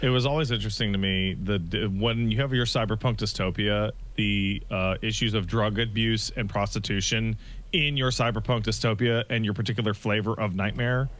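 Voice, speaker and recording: A man on a podcast, explaining a topic in a measured way, with frequent "uh" fillers. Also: fairly low pitch, fairly even intonation, a bit bright. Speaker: podcast co-host. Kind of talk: casual chat.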